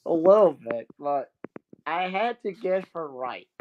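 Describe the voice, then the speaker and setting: A man's voice: fairly high pitch, expressive, unhurried, muffled recording, a little hiss or hum. A man from the Southeast, chatting casually and joking as a guest on a live stream over a remote call. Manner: joking, laughs often. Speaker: guest debater.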